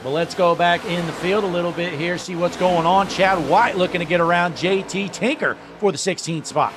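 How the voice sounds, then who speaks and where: A man calling an online sim race, giving play-by-play commentary that gets loud and excited at key moments. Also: sits high, normal speed, background noise. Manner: excited, raising his voice at the green flag.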